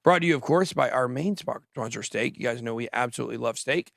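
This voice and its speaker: A man hosting a casual crypto livestream, talking quickly and jokily, often trailing off mid-thought. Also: medium pitch, vocal fry, a bit bright, dry recording, studio quality. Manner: rambling, quick, jokey, trails off. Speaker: crypto show host.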